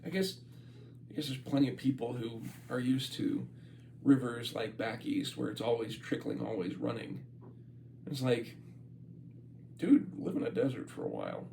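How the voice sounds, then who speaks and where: A man's voice: mid-range voice, sing-song, normal speed, creaky, long pauses, mellow, a little hiss or hum, poor audio. A man doing an informal reading of a book aloud, stopping for chatty asides and laughs. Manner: reads aloud, breaks off to comment and laugh. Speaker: amateur reader of a book. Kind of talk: casual read-aloud with asides.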